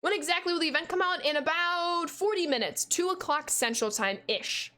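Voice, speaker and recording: A young American woman in her twenties, a gaming streamer chatting casually with her viewers, loud and talkative, reading chat aloud and laughing often. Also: very high-pitched, brisk. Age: 20s. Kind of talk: casual livestream chat while playing.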